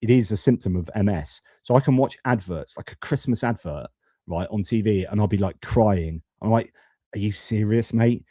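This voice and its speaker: Man, forties, live-stream commentator, deep mellow voice, plain-spoken and casual, dry sound. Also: moderate pace, husky, no room sound. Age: 40s. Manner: blunt, conversational, casual swearing, many restarts and fillers. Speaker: host of a geopolitics live stream.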